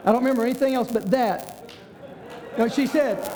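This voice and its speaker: A man's voice: very high voice, unhurried, pauses often, darkish tone. A man, a pastor telling a personal story in a sermon in a folksy way, acting out the voices of the people he quotes. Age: 60s. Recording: long reverb of a large hall.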